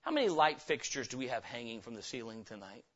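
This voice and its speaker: A man's voice: medium pitch, big pitch swings, quick pace, a bit bright. A man preaching a revival sermon in a church, emphatic and firing rhetorical questions at the congregation. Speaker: pastor. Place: church sanctuary. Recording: dull lo-fi sermon recording.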